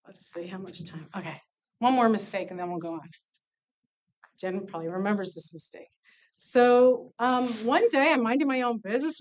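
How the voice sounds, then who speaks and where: A woman leading a nonprofit tells a candid, lively story to students in a casual talk, acting out the dialogue. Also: mid-range voice. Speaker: nonprofit CEO speaking to students.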